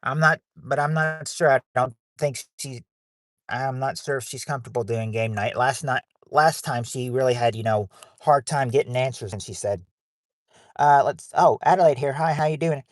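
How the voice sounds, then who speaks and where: A man's voice: mid-range voice, moderate pace, no echo, studio quality. A man hosting a livestream game night on his phone in a casual, rambling way, reading out viewers' names and answers.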